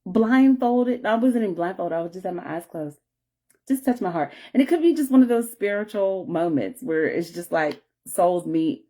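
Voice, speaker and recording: A woman's voice: on the low side, dark tone. A woman talking through an emotional personal story in a rambling vlog, with many restarts and apologies and moments of tearfulness. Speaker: vlogger.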